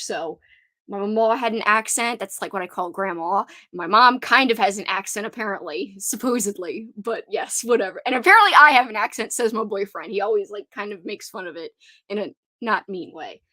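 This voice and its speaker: A woman's voice: mid-range voice, moderate pace, bright, forceful tone, dry recording, clean studio sound. A young woman from Louisiana with a Cajun accent, chatting casually with viewers on a livestream, rambling and giggly. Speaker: livestream host.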